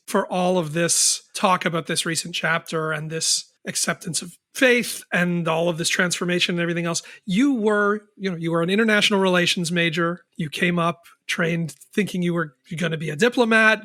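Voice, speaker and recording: Male co-host, bright tone, dry close sound, winding questions. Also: high voice, dry recording. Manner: thoughtful, long winding questions. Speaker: podcast co-host. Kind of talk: interview questions.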